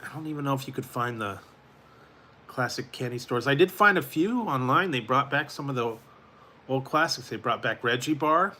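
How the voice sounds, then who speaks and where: A man's voice: mid-range voice, animated, moderate pace, bright, forceful tone, a little hiss or hum. A man hosting a late-night food review live stream, rambling casually and chuckling as he talks to chat viewers.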